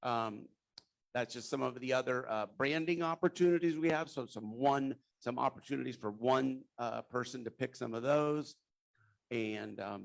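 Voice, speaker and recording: A man's voice: mid-range voice, gravelly. A man giving informal sponsorship announcements at a club meeting, rambling and losing his place now and then. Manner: rambling, loses his train of thought. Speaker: club member presenting sponsorships.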